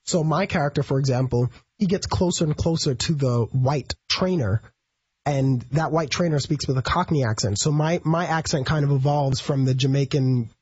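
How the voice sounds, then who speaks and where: A male stage actor being interviewed on the radio, with a slightly husky voice. He explains things thoughtfully, pausing and searching for words. The sound is dry and dull, like lo-fi broadcast audio. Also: a little high, a little mellow, no echo. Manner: thoughtful, explanatory, with pauses and fillers. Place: radio studio.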